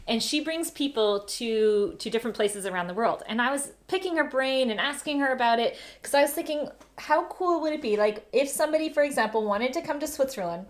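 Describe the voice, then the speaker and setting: Brief: woman host, live-stream chat, slightly high voice, talkative and laughing. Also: a little fast, few pauses. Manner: chatty, laughing, heavy on "like". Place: home during lockdown.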